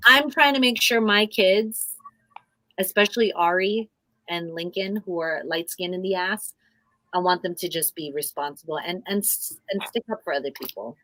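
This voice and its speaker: A woman's voice: fairly low pitch, moderate pace, pushed and bright, no room sound, low-quality recording. A middle-aged woman co-hosting a casual live stream, speaking frankly and swearing freely. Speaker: co-host.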